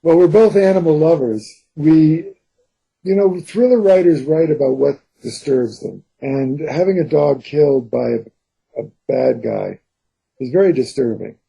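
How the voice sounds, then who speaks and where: A man, a thriller co-author, explaining his writing in an interview in an earnest, unhurried way. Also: a little high, gravelly, mellow, slightly rough, low-quality recording. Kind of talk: interview answers.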